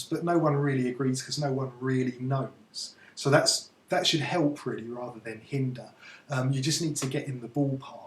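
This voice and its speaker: An easygoing man chatting through a lesson as a tutor, agreeable and relaxed in his delivery. His voice sits at a middling pitch for a man. The room around him rings with echo. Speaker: Egyptology tutor. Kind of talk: casual teaching chat. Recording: echoey room.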